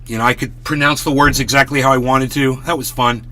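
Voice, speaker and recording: Bright-voiced man ranting on a stream. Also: mid-range voice, steady tone, fairly quick. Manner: worked-up, swearing, ranting. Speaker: livestream host. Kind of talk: casual profane live-stream rant.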